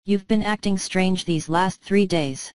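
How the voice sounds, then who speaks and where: A woman's voice: medium pitch, unhurried, clear, resonant tone, no echo, lightly acted. A woman voicing a meek male clerk husband in a storybook reading, stammering and anxious to please.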